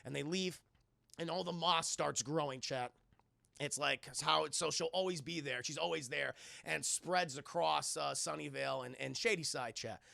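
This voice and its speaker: A man's voice: fairly high pitch, normal speed, creaky, bright, forceful tone, no echo. A man streaming a casual film recap, rambling and profane, often talking straight to his chat.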